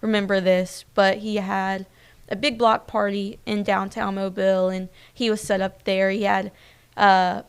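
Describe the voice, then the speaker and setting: A woman in her twenties hosts a streamed local news show, speaking at medium pitch with a flat, unhurried delivery and a clean tone. Her casual live-stream news chat is personal and chatty, packed with fillers.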